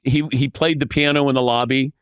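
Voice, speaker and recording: A man telling animated anecdotes as a podcast guest, acting out the voices of the people in his stories. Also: mid-range voice, a little fast, clear, resonant tone, dry recording, clean studio sound. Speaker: podcast guest, veteran sportscaster. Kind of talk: casual storytelling.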